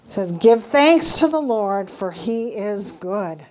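A woman's voice: medium pitch, lively intonation, slow. A middle-aged woman giving an earnest church testimony, teaching from scripture and telling her story with emphatic, acted-out dialogue.

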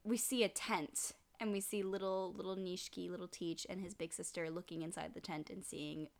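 Animated woman recapping a show. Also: lowish voice, fairly quick, creaky. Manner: animated retelling, acts out characters' lines. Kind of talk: casual chat recapping an anime episode.

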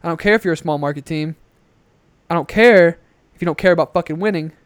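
A man's voice: fairly high pitch, fast talker, smooth, no echo. A young man co-hosting a podcast, chatting casually and ranting with plenty of swearing, recorded on a headset. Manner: ranting, profane, animated. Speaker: podcast co-host.

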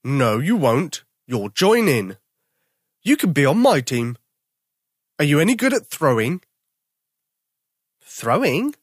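A storyteller doing a big fierce bellowing daddy bear. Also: female voice, low-pitched, big pitch swings, takes it slowly, long pauses, no echo, clean studio sound, full character voice. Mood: bossy. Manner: gruff bellowing.

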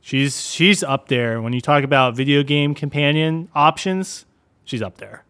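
A young guy co-hosting a podcast talks in a fairly high, clean voice at an unhurried pace. He's relaxed and rambles through casual chat, packing in fillers like "like" and "dude."

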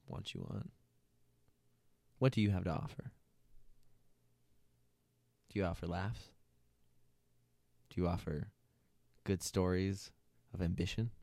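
A man's voice: deep voice, darkish tone, no room sound. A young man co-hosting a podcast in casual chat, joking, swearing and laughing a lot. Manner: laughing, swearing, jokey banter. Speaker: podcast co-host.

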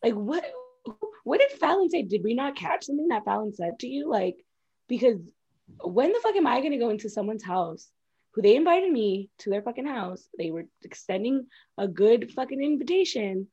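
A woman's voice: fairly high pitch, big pitch swings, moderate pace, warm tone, slightly rough, highs cut off. A young woman co-hosting a casual recap chat, blunt and profane, talking with lots of energy. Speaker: podcast co-host.

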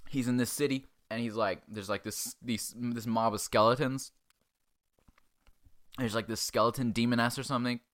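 A man hosting a podcast, giving a crude, sarcastic comic recap of a film and acting out the characters in quick asides. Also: mid-range voice, steady tone, fairly bright tone. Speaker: podcast host.

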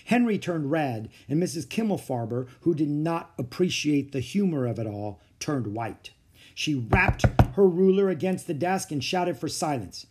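A man reading a children's novel aloud as a podcast storyteller, with expressive, animated narration. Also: a little high, normal speed, slight background noise.

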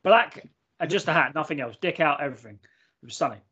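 A man with a slightly high voice tells a story in casual, animated podcast chat. He swears freely and laughs along as he goes. The recording is muffled and lo-fi. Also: fast, husky. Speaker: podcast host.

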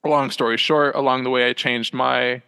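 A man's voice: medium pitch, steady tone, vocal fry, pushed and bright, smooth. Young man rambling in a reverberant room. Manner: rambling, halting, full of fillers and self-corrections. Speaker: podcast guest, small business owner. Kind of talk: casual interview chat. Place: small room at home with a loft bed.

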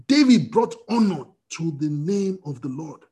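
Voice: mid-range voice, sing-song, measured pace, mellow, husky. A preacher giving an emotional, fervent sermon, often restarting phrases.

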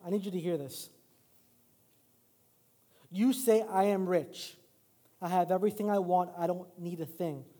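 High-voiced pastor preaching in a reverberant hall. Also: male voice, a little slow, pauses often, warm tone. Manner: casual, self-deprecating storytelling with rising preaching emphasis. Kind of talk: sermon. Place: church sanctuary.

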